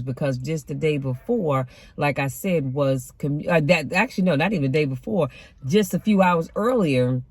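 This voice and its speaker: A woman's voice: sits low, a little mellow, no room sound. Emphatic woman preaching from her car. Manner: emphatic and conversational, with a sassy edge. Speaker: deacon and motivational vlogger. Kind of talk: casual motivational talk with a preaching flavor. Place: inside a car.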